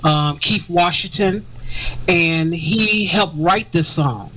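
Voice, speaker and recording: A woman's voice: lowish voice, slow pace, fairly bright tone, low-quality recording. A woman co-hosting a radio show, telling stories and mimicking people for laughs. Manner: storytelling, mimicking others for laughs. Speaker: radio co-host. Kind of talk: casual radio chat.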